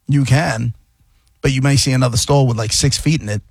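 A man's voice: medium pitch, vocal fry, a little mellow, husky, no room sound, studio quality. A man co-hosting a casual talk show, telling stories and teasing his co-host. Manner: teasing, storytelling, quick asides. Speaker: podcast co-host. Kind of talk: casual banter.

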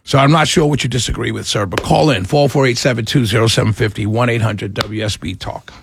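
A man's voice: medium pitch, a little fast, vocal fry, background noise. A man hosting a call-in talk radio show from a studio, ranting with exasperation and firing off rhetorical questions.

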